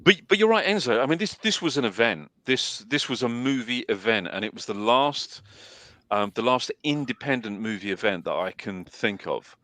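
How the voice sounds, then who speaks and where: A man's voice: mid-range voice, expressive, normal speed, sharp tone, no echo. A man talking films in a casual review chat, emphatic and repeating phrases to drive a point home.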